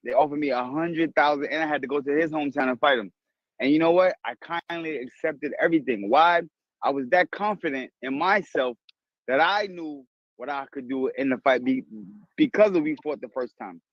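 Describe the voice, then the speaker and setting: A man who is a former boxer, interviewing in a calm, reassuring, conversational way. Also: a little high, brisk, dry recording. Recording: dull lo-fi audio.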